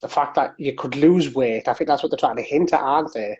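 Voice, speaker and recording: Rambling husky man, lo-fi. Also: mid-range voice, fairly quick, a little mellow. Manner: rambling, repeats words, storytelling. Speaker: podcast host. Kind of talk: casual podcast chat. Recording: dull lo-fi sound.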